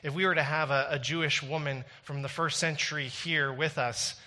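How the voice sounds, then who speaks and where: A man's voice: fairly high pitch, steady tone, moderate pace, sharp tone. A man preaching a sermon with no congregation present, moving from wry joking asides to intense, emphatic preaching. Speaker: pastor. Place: recorded without a congregation.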